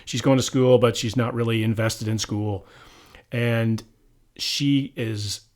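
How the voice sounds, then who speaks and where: A man's voice: medium pitch, fairly even intonation, slow, darkish tone. A man co-hosting a movie review podcast in a loose, casual chat, often trailing off with fillers and restarting his sentences. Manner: rambling, full of fillers and restarts. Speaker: podcast co-host.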